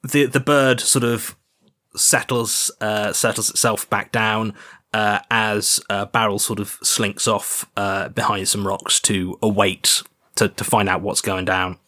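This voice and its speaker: A man's voice: fairly low pitch, steady tone, unhurried, sharp tone. A man narrating as game master, easygoing and hesitant with frequent fillers.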